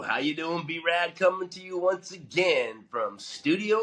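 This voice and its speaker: A man's voice: a little high, animated, measured pace, hardly any pauses, a bit bright. A man hosting a motivational podcast monologue in a studio, with a nasal voice from a head cold, earnest and emphatic. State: has a head cold, coughing. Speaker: host.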